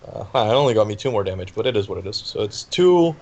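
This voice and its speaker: A man's voice: on the low side, lively intonation, quick pace, a little mellow. A man playing a tabletop game, casually counting dice and describing his character's attack. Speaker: player.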